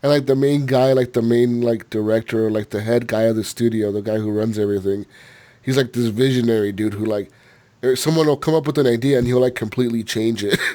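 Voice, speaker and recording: A man in casual podcast chat, with a mid-range voice at an ordinary pitch. He rambles through loose, filler-heavy sentences, curses freely and breaks into laughter often. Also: steady tone, brisk, dark tone. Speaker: podcast host.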